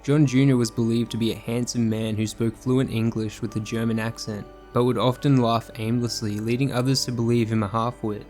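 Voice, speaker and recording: A man reading a scripted true crime narration in a measured, sombre manner. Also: mid-range voice, little pitch movement, a little mellow, faint music behind.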